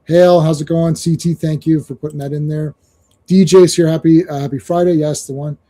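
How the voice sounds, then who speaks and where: A man's voice: on the high side, brisk. A man hosting a casual comics livestream, chatting with co-hosts and greeting viewers in chat. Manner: animated, laughs often, reads chat aloud. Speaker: podcast host.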